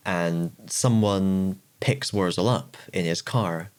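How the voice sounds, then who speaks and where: A man with a lowish voice chats casually as a podcast co-host. He laughs a lot and gets animated retelling funny scenes from shows. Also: slow. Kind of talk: casual chat.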